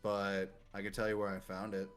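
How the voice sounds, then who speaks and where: A man's voice: lowish voice, completely flat delivery, brisk, fairly bright tone, faint music behind, lightly acted. A man voicing a male librarian in a tabletop game, talking in an offhand, rambling way.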